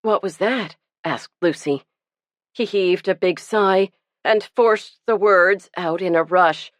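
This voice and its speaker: A woman narrating a cozy mystery audiobook in a measured, even storytelling manner. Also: fairly low pitch, no room sound.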